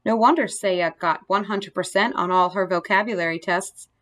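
A woman's voice: medium pitch, normal speed, a bit bright. Woman reading a storybook aloud. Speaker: narrator. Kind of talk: storybook narration.

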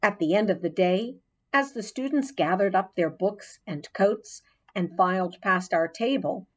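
This is a woman reading a children's audiobook at medium pitch. She takes her time, tells the story with plenty of expression, and gives the characters voices of their own.

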